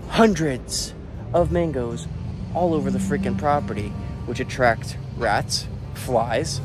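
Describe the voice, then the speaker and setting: A man chatting casually in an outdoor vlog while working around his animals, laid-back and swearing now and then. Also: on the high side. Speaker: vlogger and animal keeper.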